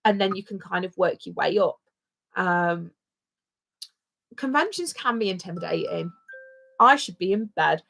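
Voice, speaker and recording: A woman's voice: fairly low pitch, expressive, a little slow, gravelly, long pauses, fairly bright tone. A British woman co-hosting a casual livestream, chatting in a rambling, jokey way. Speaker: livestream co-host.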